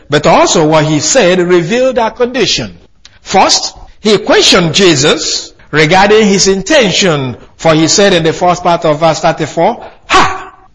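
A man delivers a sermon in a husky, slightly higher voice whose pitch swings up and down a lot. He teaches conversationally, restarting phrases and adding fillers as he explains scripture to the congregation. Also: a bit bright. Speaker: preacher. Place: church hall.

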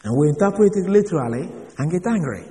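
A man preaching a sermon, explaining words in a slow teaching manner with pauses and fillers. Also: high-pitched, animated, warm tone. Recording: long hall reverb.

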